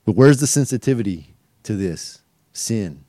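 A man's voice: on the low side, expressive, moderate pace, dark tone, no room sound, clean studio sound. A middle-aged man preaching a verse-by-verse sermon, asking rhetorical questions and acting out quoted voices. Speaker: pastor and teacher.

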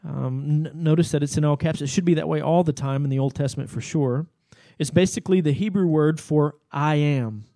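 A man with a somewhat high voice delivers a Bible teaching sermon. His tone is mellow and dark, and he explains the text patiently in a conversational way. The sound is dry and close. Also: fairly quick, hardly any pauses, no echo. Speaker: pastor.

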